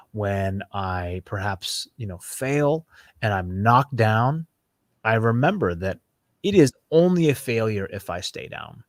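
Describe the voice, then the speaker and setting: A man's voice: on the low side, a bit bright, no room sound, studio quality. A man in his thirties, a podcast guest, telling a personal story in a reflective way that builds through repeated phrases.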